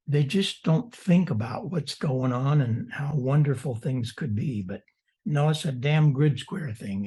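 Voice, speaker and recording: An older man, the guest presenter, answering questions on a video call in an animated storytelling way with mock-indignant asides. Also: medium pitch, slightly rough.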